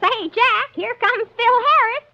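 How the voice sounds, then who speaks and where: An actress playing a wisecracking elderly woman in a 1940s radio comedy, firing off sharp quips. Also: very high-pitched, measured pace. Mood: wry. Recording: dull, hissy old radio broadcast.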